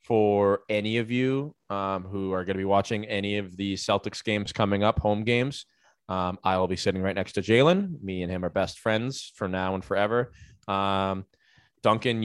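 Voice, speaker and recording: A man's voice: on the low side, normal speed, clean tone, dry recording, studio quality. A man co-hosting a casual podcast, telling a story in a rambling way full of fillers and restarts. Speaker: podcast co-host. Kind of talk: casual chat.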